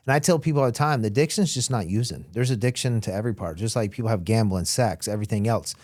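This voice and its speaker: A man's voice: fairly low pitch, fast, hardly any pauses, no echo. A man from Florida talks through his past as an interview guest in a loose, casual way, and his voice jumps around as he acts out other people's lines. The sound is close and dry, with no room around it. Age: young adult. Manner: animated, acts out quotes of others. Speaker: interview guest, former smuggler.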